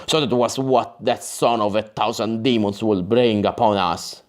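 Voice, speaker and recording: Grim, growling berserker warrior for an audiobook, read by a man, slow and heavy. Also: lowish voice, fairly even intonation, lightly acted. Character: gruff, bitter male berserker warrior.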